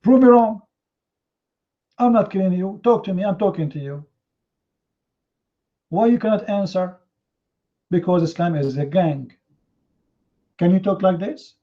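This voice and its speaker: The debate host speaks unhurriedly with frequent pauses, his high voice carrying a dark tone as he mocks and confronts opponents through rhetorical questions. His English grammar is non-native, and the heated live online debate comes through slightly muffled.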